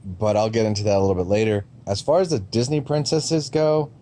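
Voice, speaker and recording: Man, lowish voice, mellow, casual rambling review, lots of ums, blunt. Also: brisk, slight background noise. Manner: rambling, frequent ums and restarts; blunt, occasionally profane. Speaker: movie trailer reviewer.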